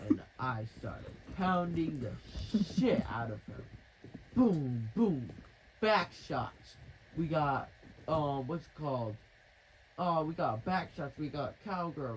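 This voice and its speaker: Male storyteller, slightly high voice, slow crude rambling delivery. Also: a little hiss or hum, low-quality recording. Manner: crude, rambling, mock-dramatic.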